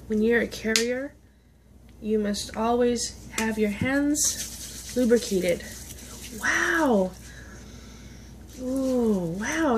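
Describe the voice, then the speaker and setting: A woman's voice: a little high, slight background noise. A woman, chatting casually on a vlog as she opens gifts, gushing, gasping and laughing. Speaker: vlogger. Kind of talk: casual unboxing chat.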